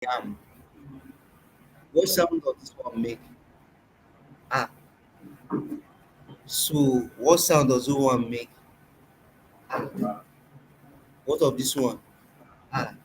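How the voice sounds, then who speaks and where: A man with a Nigerian accent leads a classroom lesson at a middle pitch. He patiently quizzes his students and sounds words out for them, while a faint room hum sits behind him. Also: steady tone, very slow, long pauses, low-quality recording. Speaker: language workshop teacher.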